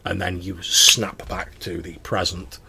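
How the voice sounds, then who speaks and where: A man's voice: deep voice, little pitch movement, a little slow, vocal fry, sharp tone. A man serving as game master, narrating a tabletop game in a wry, mock-solemn way.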